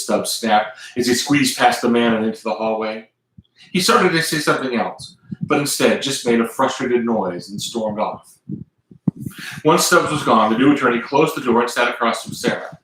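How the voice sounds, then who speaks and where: A man's voice: mid-range voice, moderate pace, very echoey, a little hiss or hum, rough recording. A man with a Southern US accent reading aloud from his own book on a live stream, now and then stopping to chat with viewers. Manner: lively reader who stops to chat with viewers.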